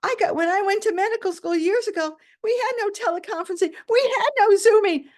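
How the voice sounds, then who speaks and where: A man's voice: extremely high pitch, sing-song, moderate pace, darkish tone, pitched above the performer's own voice, heavily acted. A woman voicing a flustered male doctor who keeps repeating himself in panic, over a video call. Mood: upset.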